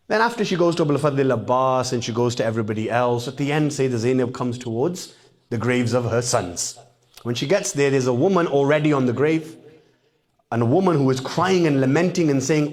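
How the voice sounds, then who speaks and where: A man delivers a sermon in a storytelling way. When he voices the people in his stories, his pitch climbs sharply and he grows louder and more impassioned. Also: lively intonation, a little fast. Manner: rising to impassioned, high-pitched calls when quoting. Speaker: preacher.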